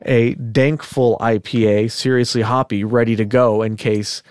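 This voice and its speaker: A man's voice: mid-range voice, steady tone, measured pace, a little mellow, clear, resonant tone, no echo, studio quality. A man hosting a podcast in casual, rambling chat, laughing often. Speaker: podcast host.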